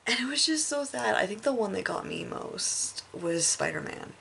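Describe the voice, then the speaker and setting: A woman chatting casually about a film she saw, laughing often and breaking into excited outbursts. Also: mid-range voice, normal speed, gravelly, a little hiss or hum. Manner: animated, laughs often, acts out lines in bursts. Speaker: vlogger reviewing a film.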